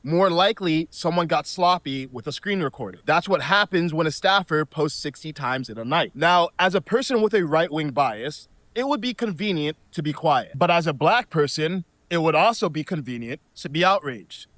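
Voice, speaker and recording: A man delivering scripted video commentary in a measured, argumentative, reasoned way. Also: a little high, animated, a bit bright, no room sound.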